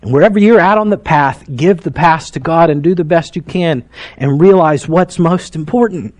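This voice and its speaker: Speaking at a moderate pace with a fairly high pitch, a pastor in his thirties preaches. His sermon takes the form of emotional, heartfelt storytelling in which he drops to quiet and then lifts to emphasis.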